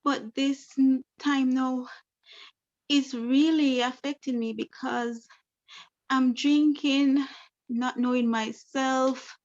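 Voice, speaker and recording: A woman's voice: high-pitched, fairly even intonation, slow pace, a little mellow, dull audio. A woman playing a troubled client in a counseling role-play. She speaks repetitively and keeps filling her speech with the same phrases. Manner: repetitive, leans on "you know". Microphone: video call.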